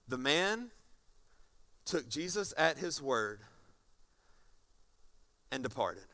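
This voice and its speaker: A man preaching a sermon as pastor, animated and often repeating words. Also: mid-range voice, very slow, pauses often.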